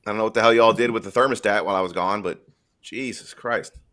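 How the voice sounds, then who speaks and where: A lower-pitched man hosting a live stream and talking casually. He rambles through his stories bluntly and swears freely, in an easygoing, unscripted chat. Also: fast, fairly bright tone. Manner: blunt, profane, rambling storyteller.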